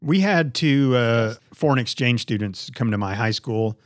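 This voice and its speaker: A man's voice: medium pitch, expressive, unhurried, no echo, studio quality. A man co-hosting a podcast in casual chat, blunt and joking, swearing often. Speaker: podcast co-host.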